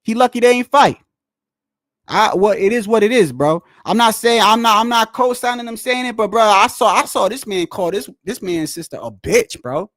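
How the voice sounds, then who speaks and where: Man, high voice, casual rambling reaction talk, dry close sound. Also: moderate pace, a bit bright, no echo. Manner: rambling, repeats "bro", restarts often. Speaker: streamer reacting to boxing clips.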